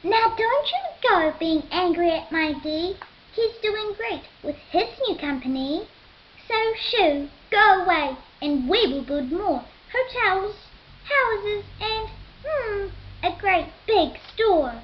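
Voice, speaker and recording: A woman's voice: very high voice, animated, slow, muffled recording, heavily acted. A woman voicing a doting, proud mother, sugary and dismissive, in a storybook tale.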